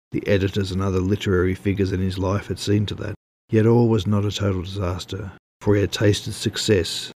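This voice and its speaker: A man narrating a story in a steady, measured reading voice. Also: sits low, slight background noise.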